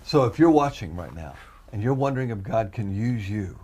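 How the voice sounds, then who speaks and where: A man giving an emotional testimony as a guest, animated and repeating himself as he acts out his own prayers. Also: on the low side, normal speed, breathy edge. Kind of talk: emotional storytelling.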